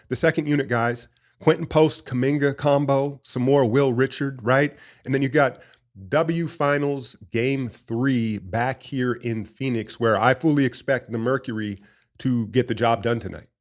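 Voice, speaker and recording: A man hosting a casual basketball talk show, rambling and opinionated in an animated fan's way. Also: medium pitch. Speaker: sports podcast host. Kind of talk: casual sports commentary.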